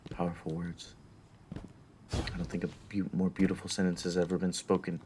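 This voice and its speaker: A young man live streaming a game, rambling through profane stories and mock-deep musings. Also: flat delivery, fairly quick, background noise. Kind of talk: casual chat while gaming. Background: game music.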